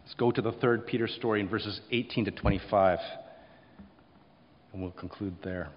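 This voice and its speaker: A man preaching a sermon, rising to loud emphasis and then dropping quiet, often acting out short quotes. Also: on the low side, fairly even intonation, normal speed, big-room sound, muffled recording. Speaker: pastor.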